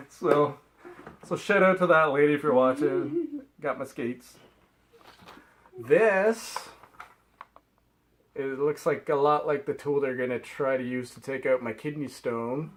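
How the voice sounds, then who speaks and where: A man's voice: medium pitch, a little slow, pauses often, slight background noise, low-quality recording. A middle-aged man from Canada, rambling chattily through a haul vlog and laughing at himself. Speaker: reseller vlogger.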